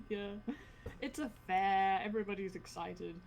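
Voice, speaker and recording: A woman's voice: medium pitch, steady tone, a little slow, creaky, darkish tone, slight background noise. A woman player in a tabletop game, chatting casually, giggly and apologetic. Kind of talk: casual chat.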